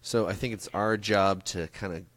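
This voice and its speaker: A man hosting a podcast in relaxed, joking casual chat. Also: lowish voice, normal speed, no room sound. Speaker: podcast host. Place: San Francisco area.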